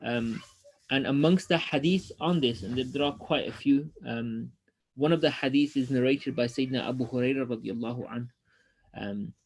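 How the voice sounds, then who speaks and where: A man teaching an online lesson, reading passages from a religious text quickly and then explaining them in a loose, hesitant way full of ums. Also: medium pitch.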